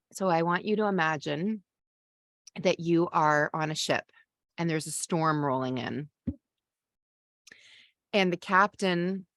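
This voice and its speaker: A woman hosting a live-streamed summit, speaking straight to her viewers in an encouraging, coaching way. Her voice sits slightly low, and the sound is dry and close. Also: a bit bright, no room sound. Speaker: summit host.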